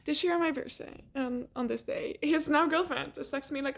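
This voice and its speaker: A young woman telling a rambling, animated story in a casual vlog, laughing often and swearing. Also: sits high, fairly quick, vocal fry.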